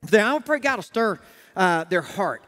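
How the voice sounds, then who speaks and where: A pastor preaches a sermon in a church sanctuary, his high voice animated and fairly bright at a moderate pace. He tells a folksy personal story and acts out the dialogue, with long church-hall reverb on the recording.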